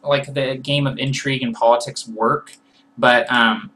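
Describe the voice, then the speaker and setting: Bright-voiced man musing through a Q&A. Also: mid-range voice, steady tone, unhurried, rough recording. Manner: thinks aloud, loose and conversational. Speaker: host answering viewer questions. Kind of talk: casual live Q&A.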